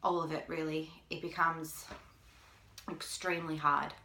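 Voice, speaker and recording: A woman's voice: deep voice, flat delivery, sharp tone, a little hiss or hum. Echoey mother fighting back tears. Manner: halting, with long pauses. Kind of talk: personal video appeal. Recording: echoey room.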